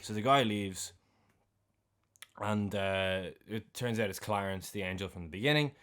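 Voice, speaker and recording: A man's voice: fairly low pitch, moderate pace, fairly bright tone, clean tone. Young Irish man recapping a film. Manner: retells scenes animatedly with slang and swearing. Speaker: podcast co-host. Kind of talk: casual film recap chat.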